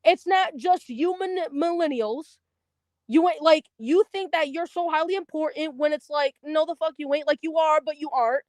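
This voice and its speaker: A woman's voice: high-pitched, moderate pace, darkish tone, no echo. A woman on a livestream giving a heated, profanity-laced rant, blunt and fired up. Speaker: stream guest.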